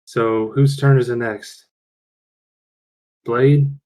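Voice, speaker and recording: A man's voice: mid-range voice, steady tone, drawn-out words, a little mellow, low-quality recording. A man playing a tabletop game on a voice call, narrating his character's moves and stopping to second-guess himself. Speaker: player. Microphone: headset or desk mic on a voice call.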